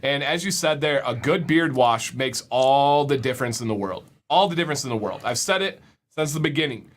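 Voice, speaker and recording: A man's voice: medium pitch, animated, a little fast. A young man hosting a casual livestream, upbeat, often repeating words as he reads the chat. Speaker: livestream host.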